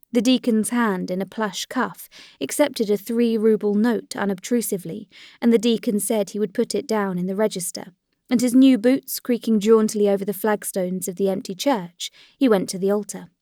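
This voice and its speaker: A female audiobook narrator reads a classic novel as scripted narration, with a measured, even storytelling delivery. Her voice is mid-range, and the studio-quality recording has no room sound.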